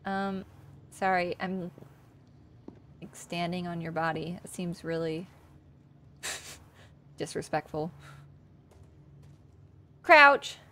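She talks slowly with long pauses and a flat delivery, her voice on the low side, while a little hiss or hum sits in the audio. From a sunny room, she livestreams her own game, chatty and self-mocking, speaking to things on screen.

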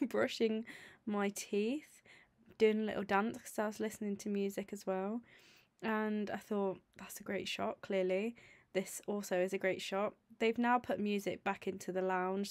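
A woman's voice: mid-range voice, a little mellow. A young woman, chatting casually to camera in a rambling vlog with frequent laughs. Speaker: vlogger.

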